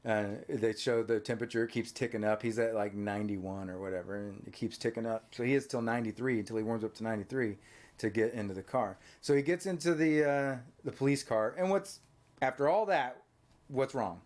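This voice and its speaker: A man's voice: mid-range voice, fairly quick. A man telling a movie plot in casual chat, quizzing a child with questions and tag questions. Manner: animated storyteller, prompting with questions. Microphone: on camera.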